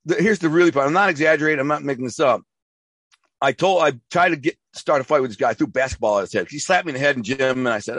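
A man from the Detroit area rattles off his past at a brisk clip, piling on emphasis and slang and doubling back mid-sentence. His voice sits at an ordinary pitch for a man. The recording is dry and close, with no room sound. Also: a bit bright, no echo. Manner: rambling, emphatic storyteller with frequent restarts and street slang. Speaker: interview guest. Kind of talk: casual storytelling interview.

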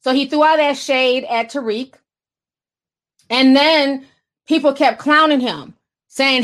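High-voiced woman, blunt and sarcastic. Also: animated, measured pace, fairly bright tone. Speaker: commentary vlogger. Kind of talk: casual gossip commentary.

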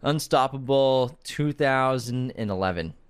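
A man's voice: mid-range voice, unhurried, clean tone. A young man co-hosting a podcast, reading ads and trading jokes in casual, playful banter. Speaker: podcast co-host. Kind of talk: casual chat with ad reads.

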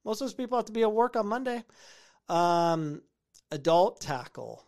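A man's voice: sits high, big pitch swings, moderate pace, darkish tone. Opinionated male soccer commentary host. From United States. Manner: opinionated, repeats phrases for emphasis. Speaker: podcast host reviewing soccer clips. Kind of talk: casual commentary on video clips.

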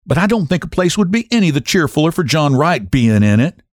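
A man's voice: a little high, sing-song, fairly quick, no echo, clean studio sound, pitched above the performer's own voice. A man voicing a blunt, testy, sturdy middle-aged farm woman in an audiobook. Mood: guarded.

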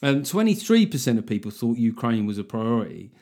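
A middle-aged man hosts his own podcast, riffing on the news in a dry, sardonic way. He swears freely and voices little imagined back-and-forths. His voice sits at a mid pitch. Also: big pitch swings, a little fast, dark tone. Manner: sardonic, sweary, mock-dialogue asides. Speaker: podcast host. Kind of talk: solo comedic podcast monologue.

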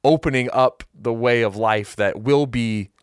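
A man's voice: medium pitch, measured pace, clean tone, no echo, clean studio sound. A man hosting a podcast, talking through a Bible passage in an earnest, reflective way and thinking aloud. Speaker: podcast host. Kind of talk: casual conversation about the Bible.

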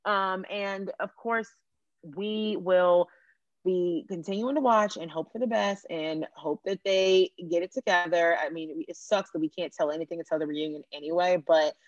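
A woman's voice: lowish voice, normal speed, no room sound. Chatty woman hosting a podcast. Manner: animated, chatty, emphatic asides. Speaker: podcast host. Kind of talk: casual podcast chat. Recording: dull, lo-fi remote podcast audio.

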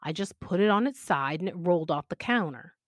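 A woman reading aloud the clipped, flat lines of an odd, terse young man. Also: fairly low pitch, a little fast, dry recording, studio quality, lightly acted.

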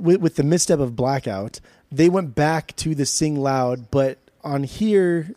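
Podcast dude ranting about albums, swears a lot, mellow voice, dry sound. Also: male voice, on the high side, no echo. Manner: joking, profane, animated. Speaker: podcast co-host. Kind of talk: casual banter.

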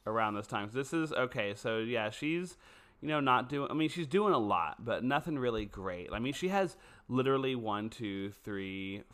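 A man's voice: mid-range voice, normal speed. A man co-hosting a podcast in casual, jokey chat about a movie. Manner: chatty, animated, jokey. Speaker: podcast co-host.

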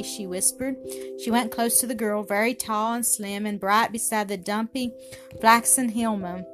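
A woman's voice: a little high, fairly even intonation, normal speed, fairly bright tone. Woman reading a story over music. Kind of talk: scripted narration. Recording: music playing behind the voice.

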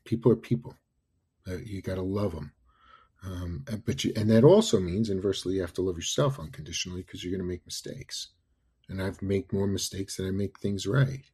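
A middle-aged man from New York telling excitable, animated stories in a casual chat, full of fillers and asides. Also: lowish voice, breathy edge. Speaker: podcast guest. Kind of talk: casual storytelling.

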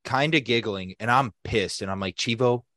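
Animated, foul-mouthed man telling stories. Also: on the low side, moderate pace, dry recording, clean studio sound. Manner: animated, profane, acts out quoted people. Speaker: podcast co-host. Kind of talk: casual storytelling chat.

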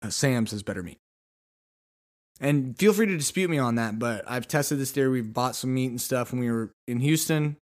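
A man's voice: mid-range voice, brisk, hardly any pauses. A man hosting a podcast, telling a story in a casual monologue with sarcastic, exasperated humor. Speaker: podcast host.

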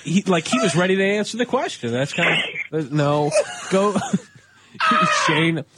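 A man's voice: high-pitched, expressive, moderate pace, very noisy. A man co-hosting a casual podcast in a studio, often breaking into laughter while he talks. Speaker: podcast co-host. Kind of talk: casual comedy podcast chat.

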